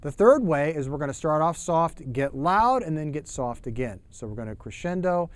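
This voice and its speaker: Male drum teacher, slightly higher voice, easygoing explainer tone. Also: animated, moderate pace, no echo. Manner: conversational, explains with rhetorical questions. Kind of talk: spoken drum lesson.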